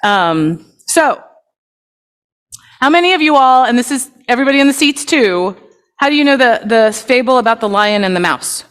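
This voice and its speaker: A woman leading a story for all ages at a congregation service, lively, chatty and inviting, speaking into a microphone. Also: fairly high pitch, normal speed, big-room sound. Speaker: worship leader. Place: congregation sanctuary.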